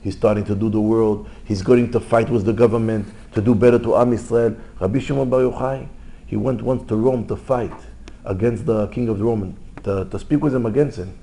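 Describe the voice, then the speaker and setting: Rabbi, middle-aged, mellow voice, animated storyteller swinging loud to hushed. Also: male voice, on the low side, moderate pace, creaky. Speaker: rabbi giving a Torah class. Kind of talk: Torah class storytelling.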